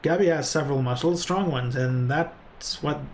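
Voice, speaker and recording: A man's voice: fairly high pitch, moderate pace, slight background noise, lightly acted. A man voicing an eager young goblin flapper woman who speaks of herself in the third person.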